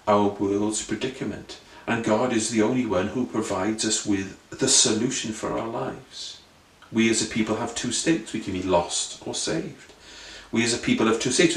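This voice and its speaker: A man preaching an earnest sermon full of rhetorical questions and repeated phrases. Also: on the low side. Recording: roomy sound, voice from a distance.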